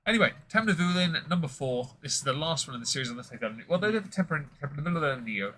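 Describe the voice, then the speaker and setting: A man's voice: a little high, expressive, quick pace, sharp tone, slight background noise, poor audio. A man hosting a casual whisky tasting stream, rambling and joking with many fillers.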